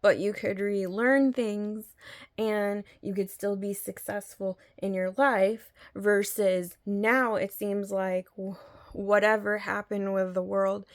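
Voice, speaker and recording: Woman rambling through a review, earnest, keeps restarting, slow unhurried pace. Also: mid-range voice. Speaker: video blogger reviewing an audio drama. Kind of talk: casual spoken review.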